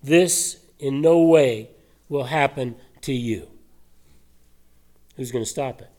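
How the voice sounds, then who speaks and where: A man preaching a sermon, animated and full of rhetorical questions and scoffing laughs. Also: medium pitch, takes it slowly. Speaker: pastor.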